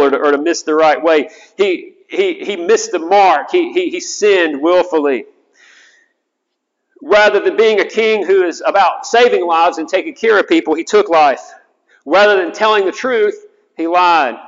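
A man, a chaplain, preaching an earnest sermon, often repeating words as he goes. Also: on the high side. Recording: dull sound with long hall reverb.

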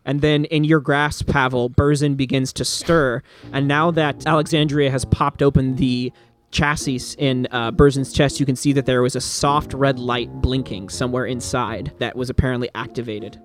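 A man's voice: medium pitch, steady tone, moderate pace, few pauses, faint music behind. A man narrating as game master of a tabletop game in a casual, easygoing way.

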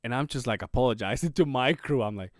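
A man speaks fast at medium pitch, recorded dry with clean studio sound. As a co-host on a podcast whose first language is Spanish, he chats casually about something from work, animated and swearing, his voice jumping up as he acts out quotes.

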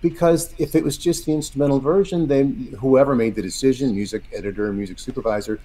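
A male guest songwriter explaining things in conversation, deliberate with a few stammers. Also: mid-range voice, fairly even intonation, dark tone.

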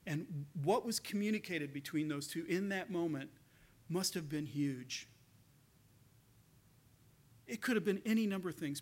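Retelling a story in his sermon, a pastor with a fairly high voice speaks earnestly, with lively intonation, a measured pace and frequent pauses. He often doubles back on a word or two as he works through it with the congregation.

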